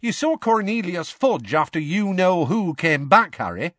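A man's voice: very animated, a little slow, no echo, clean studio sound, heavily acted. A man putting on a young woman's earnest voice. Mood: earnest, sad. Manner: raised pitch, soft and sorrowful.

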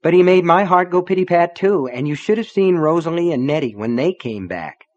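A man's voice: fairly high pitch, animated, brisk, lo-fi sound, voice pushed up, lightly acted. A man voicing a wry, tired woman. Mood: fond. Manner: careful, gently teasing. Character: warm, wry middle-aged woman in chronic pain.

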